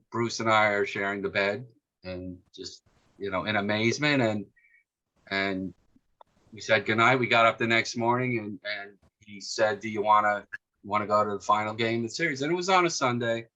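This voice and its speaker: A man's voice: fairly low pitch, bright, forceful tone. A man in his sixties, a guest author telling a long anecdote with many fillers and restarts, with a New York accent. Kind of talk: storytelling in an interview. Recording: muffled lo-fi audio.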